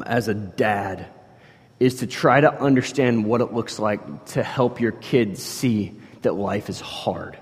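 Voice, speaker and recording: A man preaching a sermon in a conversational way, shifting from quiet asides to loud, emphatic stretches. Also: medium pitch, husky. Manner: conversational, swings between soft asides and loud emphatic bursts. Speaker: pastor. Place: church hall. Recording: long hall reverb.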